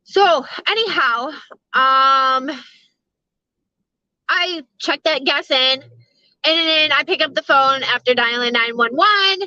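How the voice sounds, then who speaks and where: High, bright woman rambling through a story. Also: takes it slowly, pauses often, no room sound, highs cut off. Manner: rambling, lots of fillers and restarts. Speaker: vlogger. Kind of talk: casual storytelling vlog.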